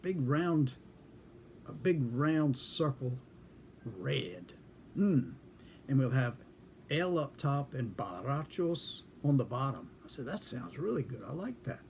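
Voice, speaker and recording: Man, folksy, dry, storyteller, mid-pitched voice, faint background noise. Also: big pitch swings, takes it slowly, darkish tone. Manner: folksy, dry, acts out both sides of a conversation. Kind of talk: casual spoken anecdote.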